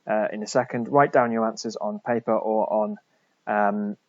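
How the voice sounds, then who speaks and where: A man, a French teacher, talking through a recorded lesson for pupils and slowly repeating French words for them to copy. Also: fairly low pitch, fairly even intonation, darkish tone, no echo, dull audio.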